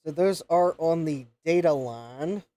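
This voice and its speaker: Slow, mellow-voiced man checking circuits. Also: on the high side. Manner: unhurried, muttering checks and counting pins aloud. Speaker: host of a retro computer repair livestream. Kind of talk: thinking aloud while probing a circuit board.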